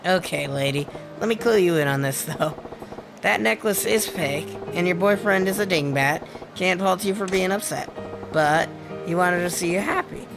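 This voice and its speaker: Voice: mid-range voice, normal speed, gravelly, over music, close to an everyday voice, low-quality recording. Majima, read by a streamer, blunt yakuza. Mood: lecturing. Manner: blunt, streetwise lecturing. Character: gruff one-eyed yakuza man, brash and blunt. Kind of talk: reading game dialogue aloud.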